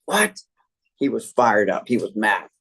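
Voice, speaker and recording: A man leading a sales training meeting, telling a sales story with lively energy. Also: medium pitch, moderate pace. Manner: energetic storytelling, acting out customer quotes. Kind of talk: team training talk.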